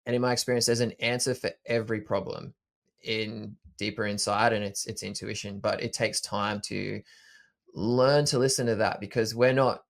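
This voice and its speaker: Low-voiced man, thoughtful podcast host. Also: moderate pace, creaky. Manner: thoughtful, self-correcting, calm. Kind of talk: reflective conversational chat.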